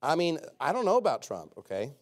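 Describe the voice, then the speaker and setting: A preacher giving a loose, off-the-cuff sermon, his voice pitched a little high for a man. He talks in a sarcastic, rambling way and keeps slipping in joking asides. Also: huge pitch swings, a little fast. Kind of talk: informal sermon.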